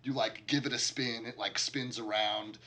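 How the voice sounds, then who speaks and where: A man's voice: mid-range voice, fairly even intonation, normal speed, pushed and bright. A man narrating a tabletop game as game master, loose and chatty with lots of filler words. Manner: casual, heavy use of filler "like".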